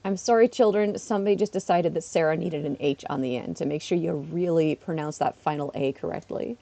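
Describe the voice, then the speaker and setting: A woman's voice: sits low, a little fast, gravelly, warm tone. A woman, a schoolteacher, chatting casually on a live stream while playing, laughing often and talking back to her chat. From Canada.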